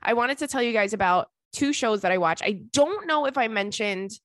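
A young woman hosting a podcast, telling a story in a chatty, animated way and laughing often. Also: fairly high pitch, a little fast, dry recording. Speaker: podcast host. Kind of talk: casual storytelling to listeners.

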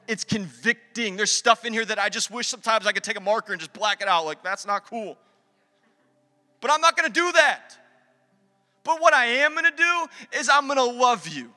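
A man preaching a sermon as pastor, energetic and conversational, slipping into acted asides. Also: very high voice. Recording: long hall reverb.

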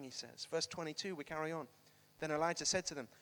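A man preaching a sermon to a congregation, animated and emphatic, repeating phrases for effect. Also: high-pitched, fast, long reverb tail. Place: church hall with congregation, also streamed online.

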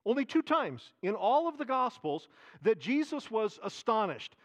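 A man delivers a sermon in a fairly high voice. He preaches with animation, repeating his key phrases for emphasis. He swings between raised emphasis and quiet, hushed asides. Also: big pitch swings, moderate pace. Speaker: pastor.

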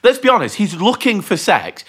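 A man's voice: high voice, wildly swooping pitch, normal speed, a bit bright, slightly rough. A man co-hosting a podcast, chatting casually and breaking into sweary, mocking rants. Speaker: podcast co-host. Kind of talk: casual ranting chat.

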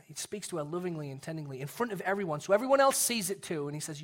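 Earnest high-voiced male preacher. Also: very fast, few pauses. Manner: earnest, drops to a soft hush for emphasis. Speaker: pastor. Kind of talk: sermon.

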